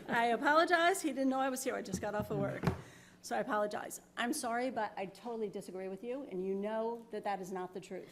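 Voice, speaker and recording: A woman's voice: on the high side, quick pace, slight background noise. A woman resident from New York, making an emotional public comment at a town board meeting, apologetic but insistent, at a podium microphone.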